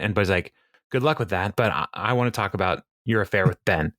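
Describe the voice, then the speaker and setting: A man's voice: fairly low pitch, lively intonation, quick pace, fairly bright tone, no room sound, clean studio sound. A man co-hosting a podcast, casually retelling a TV episode scene by scene, with lots of fillers and laughing as he quotes the characters. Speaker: podcast co-host recapping an episode.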